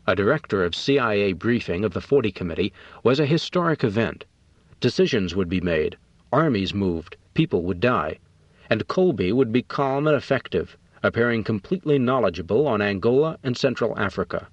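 A man narrating an audiobook in a measured, matter-of-fact way. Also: lowish voice, expressive, dry recording. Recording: dull, dry recording.

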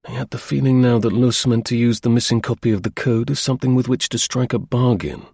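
A man narrating a story in a measured storytelling manner. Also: mid-range voice, steady tone, creaky, darkish tone, slightly rough, no echo, clean studio sound. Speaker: audiobook narrator. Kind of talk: scripted narration.

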